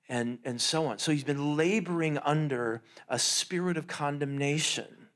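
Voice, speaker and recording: A man's voice: fairly high pitch, measured pace, hardly any pauses, fairly bright tone. A middle-aged man preaching a sermon to his congregation in a church, earnest and direct. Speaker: pastor. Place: church sanctuary.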